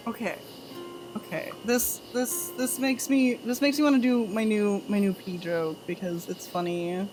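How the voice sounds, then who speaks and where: Slow-talking giggly woman streamer. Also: medium pitch, fairly even intonation, over music. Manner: giggly, trades groan-worthy jokes with chat. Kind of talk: casual live-stream chat.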